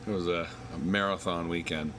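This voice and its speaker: A low-voiced man from Idaho chats as a guest in an easygoing, storytelling way. His speech is casual and full of slang fillers. The recording picks up a clearly noisy room around him. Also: steady tone, brisk. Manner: laid-back storyteller, says "like" and "dude" a lot. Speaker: songwriter guest. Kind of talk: casual interview chat.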